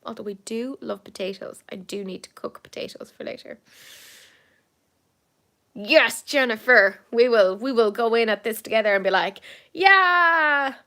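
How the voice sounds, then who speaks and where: A woman's voice: fairly high pitch, fairly even intonation, normal speed, a bit bright. A young Irish woman chatting casually with her viewers, rambling with fillers, laughing often and poking fun at herself. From Ireland. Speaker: livestream host chatting with viewers. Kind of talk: casual chat.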